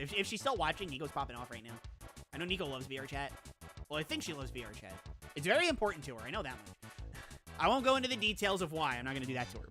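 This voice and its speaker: A woman VTuber streamer chatting casually on stream, excitable and gushing, laughing often and rambling into asides. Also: deep voice. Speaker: VTuber streamer reacting to viewer game lists. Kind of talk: casual live-stream chat.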